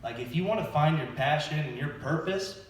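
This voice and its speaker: A man's voice: fairly high pitch, lively intonation, brisk, slight background noise. A man doing a rambling, self-deprecating stand-up set at a church open mic night. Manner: nervous, self-deprecating, rambling with fillers and laughs. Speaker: stand-up comedian. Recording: echoey hall recorded from far off.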